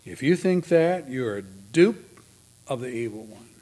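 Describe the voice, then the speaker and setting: A man preaching a sermon in a dramatic way, moving from loud emphasis to near whispers. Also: mid-range voice, very animated, a little slow.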